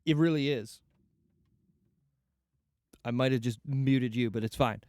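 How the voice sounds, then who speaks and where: A man's voice: medium pitch, unhurried, a little mellow, dry recording, clean studio sound. A man hosting a movie review podcast, chatting casually in an easygoing, joking way. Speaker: podcast host. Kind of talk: casual chat.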